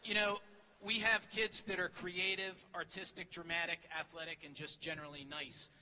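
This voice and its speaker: A high male voice with little pitch movement and a sharp tone belongs to a middle-aged teacher speaking at a moderate pace. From a podium microphone in a large graduation hall, he gives a funny speech full of teasing and self-deprecation. Hall reverb, a faint crowd ambience, and slight hiss or hum are present.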